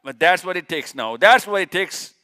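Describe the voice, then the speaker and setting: A man's voice: high voice, lively intonation, moderate pace, bright, forceful tone. Emphatic man lecturing a live audience. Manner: rhetorical questions, answered himself; emphatic, repeats key words. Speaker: speaker. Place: event hall.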